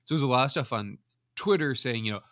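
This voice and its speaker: A man co-hosting a sports podcast, telling stories in a lively way and acting out what people said. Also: medium pitch, fast talker, dry recording, studio quality. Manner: animated storyteller, acts out quotes. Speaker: podcast co-host. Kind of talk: casual storytelling chat.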